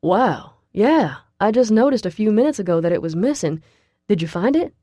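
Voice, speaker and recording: A charming young college guy with a slow, easy drawl, voiced by a woman narrator. His voice sits low and dark with a mellow tone, recorded close and dry for an audiobook. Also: steady tone, dry recording. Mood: eager. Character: young man, laid-back charming college boyfriend.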